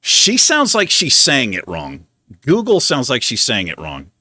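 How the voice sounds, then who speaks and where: Bright, lively male livestream host. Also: medium pitch, unhurried, no room sound, clean studio sound. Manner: self-mocking, chuckles often; animated, struggling over pronunciation. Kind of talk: casual chat.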